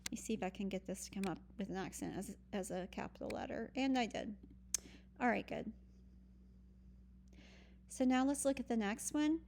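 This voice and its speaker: A woman's voice: a little high, normal speed, long pauses, a little mellow, slight background noise. A woman teaching a recorded online French lesson, patient and explaining step by step with frequent ums. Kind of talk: recorded virtual lesson walkthrough.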